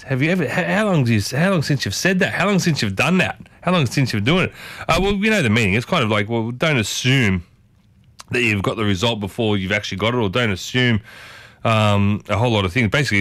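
A man's voice: medium pitch, a bit bright, no room sound. A man hosting a morning radio show, chatting casually and playfully, often restarting his sentences. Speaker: radio host. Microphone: studio microphone.

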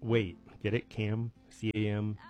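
A man's voice: on the low side, monotone, a little slow, darkish tone, soft background music. A man hosting a local radio swap show, chatting casually and joking with callers. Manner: joking, chuckling, rambling.

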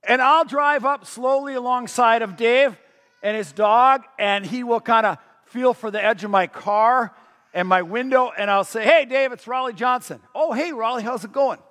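A man's voice: high-pitched, fairly bright tone. A middle-aged man preaching a sermon as a pastor, talking conversationally and asking the audience questions. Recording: long hall reverb.

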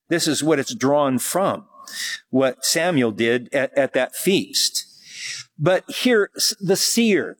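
A man teaching verse by verse from the Bible, reading passages and then explaining them in a conversational way. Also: on the high side. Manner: conversational, with fillers and small laughs. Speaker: pastor.

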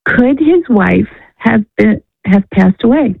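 A woman from Illinois calling into a radio show, halting and repeating herself with many "you know"s. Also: fairly high pitch, expressive, vocal fry, no echo. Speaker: caller. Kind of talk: radio call-in conversation. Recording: phone line.

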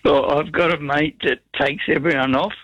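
A man's voice: a little high, fairly even intonation, normal speed, fairly bright tone, no echo, highs cut off. A man with a New Zealand accent calling into a talkback radio show, telling rambling yarns full of folksy slang. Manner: rambling storyteller, folksy slang, chuckles often. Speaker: caller. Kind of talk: casual talkback radio chat.

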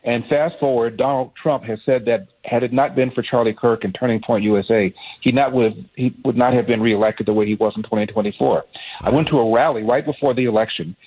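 A man calling in as a guest on a talk radio show, telling stories in a measured, admiring way. He speaks quickly with a slightly husky voice, and the sound is thin and tinny like a phone line. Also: medium pitch, fairly even intonation. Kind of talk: phone interview.

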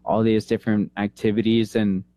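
A man in his thirties, a veteran, telling an emotional personal story in an interview, earnest and halting, holding back tears. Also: lowish voice, level tone, dark tone, no echo. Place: San Antonio, Texas.

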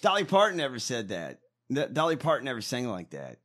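Sarcastic, bright-voiced male co-host. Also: mid-range voice, huge pitch swings, brisk. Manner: profane, sarcastic, laughs often. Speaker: podcast co-host. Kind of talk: casual political chat.

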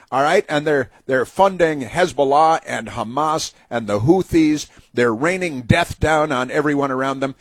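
A man hosting a talk show delivers a sarcastic, indignant monologue. His voice is husky and the sound is dry and close. He stops and restarts often, with many fillers. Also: mid-range voice, no echo. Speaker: radio talk host. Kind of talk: opinionated talk radio monologue.

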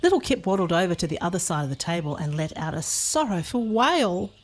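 A woman narrating a children's storybook in a playful, expressive way. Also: fairly low pitch, fairly quick.

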